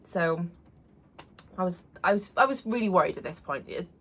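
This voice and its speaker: A woman's voice: fairly low pitch, lively intonation, moderate pace. Woman telling a personal story. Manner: earnest, conversational, with frequent fillers and restarts. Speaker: vlogger.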